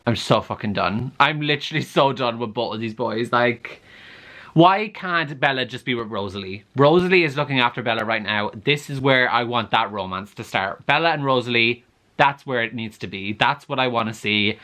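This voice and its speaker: Young guy ranting about a book in his vlog, bright voice, super dramatic and fed up. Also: mid-range voice, normal speed. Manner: animated, dramatic, exasperated. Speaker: book vlogger. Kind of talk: casual reading vlog.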